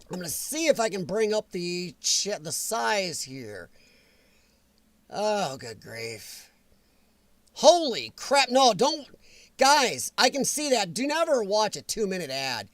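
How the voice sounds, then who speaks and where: Man, casual live-stream host, animated high voice, slow rambling talk, dry close sound. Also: dry recording. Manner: rambling, grumbling at software, frequent um and laughs. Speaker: streamer hosting a live chat.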